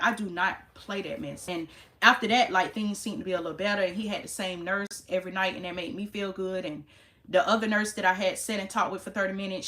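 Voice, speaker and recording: A woman nurse telling a story to her viewers in a casual rant, emphatic and exasperated, with sudden high exclamations. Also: pushed and bright. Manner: chatty, talks straight to viewers. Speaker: nurse vlogger.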